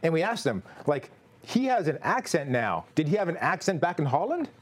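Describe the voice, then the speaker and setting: Lively, high-voiced male talk show host. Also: fairly quick. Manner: playful, deadpan jokey.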